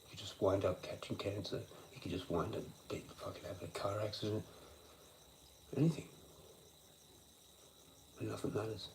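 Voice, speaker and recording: Young man, low gravelly voice, profane rambling rant, faint crickets behind. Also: steady tone, normal speed, long pauses, a little hiss or hum, low-quality recording. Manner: swearing, frustrated, philosophical ranting. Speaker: livestreamer. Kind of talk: rambling late-night livestream rant.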